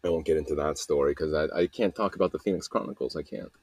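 Low husky-voiced man rambling. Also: quick pace, a little mellow, no room sound. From Utah. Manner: rambling, self-mocking, trails off mid-sentence. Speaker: podcast host. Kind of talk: rambling solo podcast monologue.

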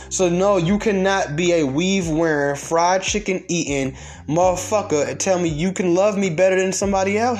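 A man telling stories and ranting in a blunt, profane, fast-talking way. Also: fairly high pitch. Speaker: storyteller. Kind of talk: comedic storytelling rant.

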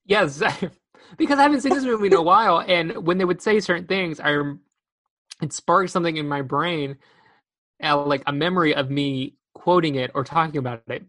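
A young woman with a low voice co-hosts a casual podcast about a movie. She retells scenes in an animated way, slipping into the characters' lines as she goes. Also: moderate pace. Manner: animated storytelling with acted-out quotes. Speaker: podcast co-host. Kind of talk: casual chat reviewing a movie.

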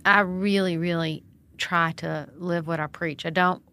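A woman's voice: lowish voice, a little slow. A middle-aged woman, a founder and priest, telling stories in a conversational interview and acting out what people said. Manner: animated, expressive storyteller who acts out quotes. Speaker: guest, nonprofit founder and priest.

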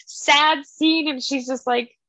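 A woman's voice: high-pitched, fairly even intonation, slow pace, pushed and bright, no echo. A woman co-hosting a casual book podcast, retelling the story with feeling and acting out little quoted lines. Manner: emotional, retells the plot with little quoted voices. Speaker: podcast co-host.

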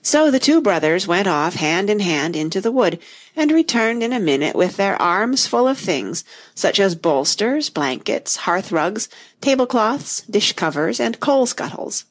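A woman narrating an audiobook with expressive storytelling. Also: medium pitch, measured pace.

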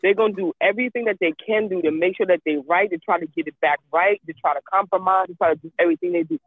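A woman's voice: lowish voice, lively intonation, fast talker, husky, dry recording. Emphatic woman on a tinny line. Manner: emphatic and repetitive, swears freely. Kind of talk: casual chat.

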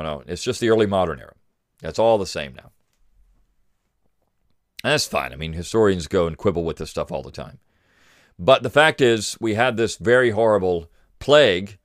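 Low-voiced man hosting a solo podcast. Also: dry recording, studio quality. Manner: rambling, many fillers and restarts. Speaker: podcast host. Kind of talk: casual solo commentary.

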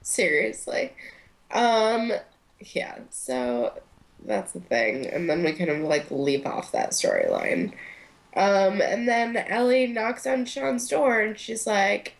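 A woman's voice: medium pitch, sing-song, slow, gravelly. Young woman, casual podcast co-host, chatty and filler-heavy, mid-range voice. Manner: chatty, lots of fillers, acts out quotes. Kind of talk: casual chat recapping a TV episode.

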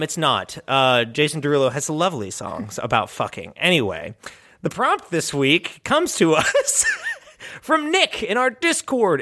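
A man's voice: a little high, sharp tone. A man co-hosting a podcast, chatting casually, cracking profane jokes and putting on mock voices. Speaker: podcast co-host. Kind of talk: casual comedic chat.

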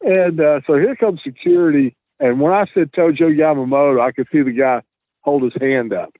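Man, animated storyteller, lively delivery, tinny dry line. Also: on the high side, moderate pace, no room sound. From Tennessee, US. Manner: animated, acts out the dialogue. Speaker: guest, wrestler. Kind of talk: casual storytelling.

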